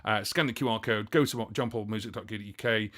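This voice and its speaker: A man's voice: fairly low pitch, fast talker, fairly bright tone. A man hosting a casual music livestream, chatting to viewers and answering their questions in a rambling way, with many fillers and self-corrections. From United Kingdom. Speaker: livestream host and looping musician.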